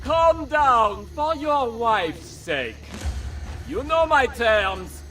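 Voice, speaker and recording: A smug, aristocratic French villain, slow and condescending. His voice is very high and bright, with a sharp edge. It sounds a bit far from the mic, with faint music underneath. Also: sing-song, slight background noise, heavily acted. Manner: haughty, condescending.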